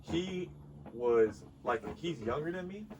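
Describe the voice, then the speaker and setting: A man casually telling a story on a podcast, animated and profane, laughing often. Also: on the high side, slow pace, highs cut off. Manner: animated, laughing, swears freely. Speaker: podcast co-host. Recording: distant mic with clear background noise.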